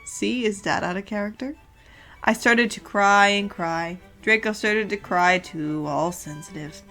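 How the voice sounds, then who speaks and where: A woman's voice: medium pitch, measured pace, fairly bright tone, soft background music. A young woman reading a fan story aloud with dramatic delivery and sarcastic, exasperated asides. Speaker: host reading a fanfic aloud.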